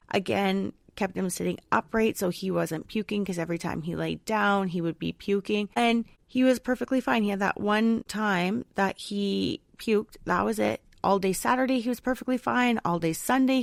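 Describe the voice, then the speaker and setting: A woman's voice: mid-range voice, vocal fry, no room sound. A woman podcast host and mother chatting casually through a personal story, rambling with lots of fillers. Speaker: mother of a young child.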